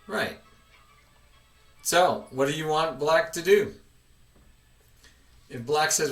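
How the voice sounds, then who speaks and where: A man's voice: fairly high pitch, slow pace, pauses often, fairly bright tone, soft background music. A man teaching a chess lesson, patiently quizzing his student with questions, recorded with room echo from a distance.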